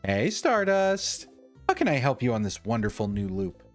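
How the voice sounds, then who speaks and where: A man voicing a cheery, teasing star-like game companion in a raised, bright voice. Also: mid-range voice, big pitch swings, moderate pace, faint music behind, lightly acted.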